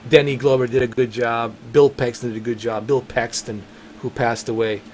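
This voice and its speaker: Guy streaming a game, middle pitch, rambly and sweary, keeps cracking himself up, gets loud and emphatic. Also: normal speed, slight background noise. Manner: rambling, profane, laughs often; excited and emphatic. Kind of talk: casual livestream chat.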